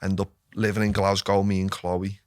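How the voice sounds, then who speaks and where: Scouse male guest, 20s, low voice, dry close mic, swears a lot while telling long stories. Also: monotone, normal speed, a little mellow, dry recording. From Liverpool, England. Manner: sweary, tells stories with lots of filler asides. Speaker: podcast guest, footballer. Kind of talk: casual storytelling chat. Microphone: studio podcast mic.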